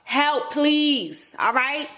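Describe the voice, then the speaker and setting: Frantic high-voiced woman. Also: animated, very slow, sharp tone, reverberant, slight background noise. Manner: frantic, pleading, talks straight to viewers. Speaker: vlogger. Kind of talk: casual vlog to camera. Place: indoors, home room with houseplants. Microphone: camera mic, lit by a ring light.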